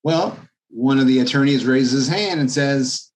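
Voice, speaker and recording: A man, a real estate agent, telling an anecdote as a guest in a podcast interview, in a lively storytelling manner. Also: medium pitch, a little slow. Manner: animated anecdote telling, acts out quoted voices.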